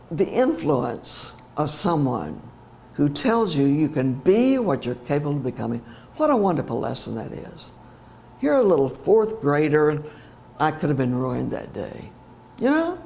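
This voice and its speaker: An older woman, a teacher educator, telling a heartfelt personal story in an animated way, with fillers and laughter. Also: sits low, measured pace, creaky.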